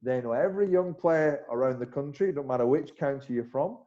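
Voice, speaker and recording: A man, a former cricketer as interview guest, telling animated stories with many restarts. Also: medium pitch, brisk. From Bolton, northern England. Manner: animated anecdotes, frequent restarts, acts out dialogue. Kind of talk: casual interview storytelling. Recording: slightly muffled recording.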